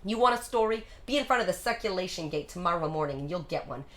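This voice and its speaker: A woman's voice: lowish voice, lively intonation, fast, fairly bright tone, pitched below the performer's own voice. A woman doing a brash young newsboy leader. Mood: cocky. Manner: street slang, cocky.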